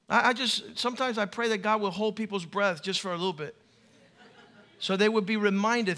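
A man's voice: high voice, brisk, sharp tone. A man pastor preaching a sermon in an emphatic, humorous way.

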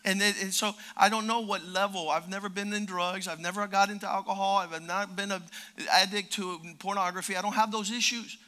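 An older man preaching a sermon as pastor, fervent and emphatic, repeating words and rising to shouted peaks. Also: high-pitched, fairly even intonation, a little fast.

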